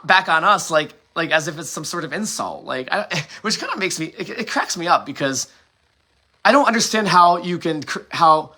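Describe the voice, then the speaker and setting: A man's voice: fairly high pitch, expressive, normal speed, bright, forceful tone. A man from the United States hosting a solo monologue, impassioned and rambling, swearing often and restarting his sentences. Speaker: host.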